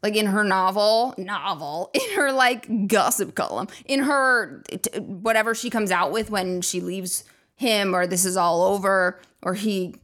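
A woman's voice: mid-range voice, a little slow, a bit bright. A woman hosting a comedy podcast, rambling through a profane casual monologue with lots of fillers and acted-out quotes.

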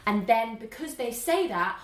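Animated woman retelling a film. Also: on the high side, echoey room. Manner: animated, fast storytelling with many fillers. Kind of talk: casual chat retelling a film.

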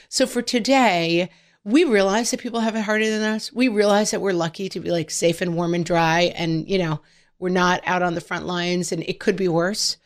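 A middle-aged woman co-hosting a podcast, telling family stories in an animated, chatty way. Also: lowish voice, a little fast. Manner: animated storytelling, quoting family members in voices. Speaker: podcast co-host. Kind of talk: casual podcast chat.

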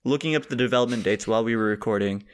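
A man's voice: on the low side, very fast, clean tone. A young man co-hosting a comedy podcast, sarcastic and teasing, who slips into absurd mock-apologetic bits. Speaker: podcast co-host. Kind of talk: casual comedic banter.

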